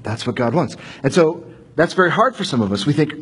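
Husky-voiced man preaching a sermon. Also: on the high side, expressive, fairly quick. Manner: acts out voices of God and Cain in quoted dialogue, casual phrasing.

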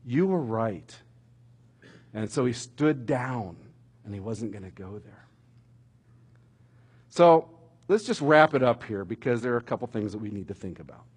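A middle-aged man preaching a sermon, telling stories with animated emphasis that rises toward shouting at dramatic moments. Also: mid-range voice, moderate pace, pauses often, slightly rough. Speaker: pastor.

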